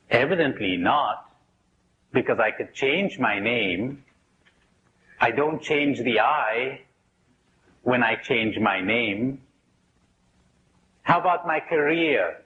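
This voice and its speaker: A man's voice: medium pitch, animated, slow pace, pauses often, fairly bright tone, highs cut off. A man leading a spiritual workshop, asking questions aloud and telling jokes in acted voices. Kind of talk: live workshop talk.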